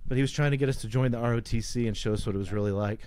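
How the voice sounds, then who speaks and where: A man co-hosting a podcast, telling a casual, animated story with laughs. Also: medium pitch, racing, smooth. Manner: animated, laughing anecdote teller. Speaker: podcast co-host.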